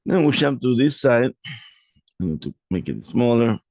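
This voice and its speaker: A man walking through a property investment deal in a halting way, correcting himself often. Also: medium pitch, very animated, a little mellow, dry recording. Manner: halting, many restarts and self-corrections. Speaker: real estate investor presenting a deal.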